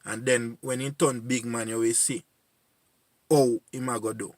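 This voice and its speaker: A man's voice: mid-range voice, steady tone, measured pace, dry recording. Pleading Jamaican man, dry close sound. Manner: pleading, repetitive, heartfelt. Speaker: community voice addressing young men. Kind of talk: earnest spoken appeal.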